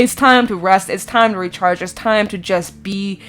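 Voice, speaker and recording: A woman giving a casual tarot reading in a chatty, expressive way, sometimes giggling and swearing casually. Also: mid-range voice, normal speed, few pauses. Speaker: tarot reader. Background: soft background music.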